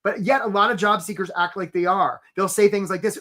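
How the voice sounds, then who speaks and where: Energetic career coach, a man hosting a live webinar, chatty and quick to shout out attendees by name. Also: sits high.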